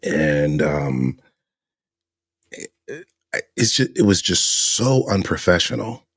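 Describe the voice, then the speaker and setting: Low husky man hosting a podcast. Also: very animated, takes it slowly, fairly bright tone, no room sound, clean studio sound. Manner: emphatic, rhetorical questions. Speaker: podcast host. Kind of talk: opinion commentary monologue.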